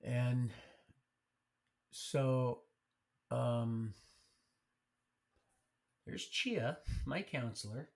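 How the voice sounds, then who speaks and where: A man casually telling his life story on a live stream, rambling and colloquial, with frequent restarts. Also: mid-range voice. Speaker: livestream storyteller. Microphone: streaming mic.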